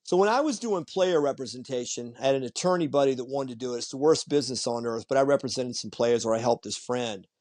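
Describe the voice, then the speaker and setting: Speaking fast at a medium pitch with few pauses, this man is a podcast guest swapping casual stories. He brings them to life by performing the voices of whoever he's quoting.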